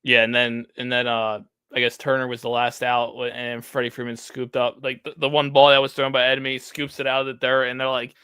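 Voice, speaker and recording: A man's voice: mid-range voice, monotone, fairly quick, hardly any pauses, bright, forceful tone, clear, resonant tone, no room sound, studio quality. A man co-hosting a casual sports podcast, frustrated and agreeable, with many fillers. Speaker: podcast co-host.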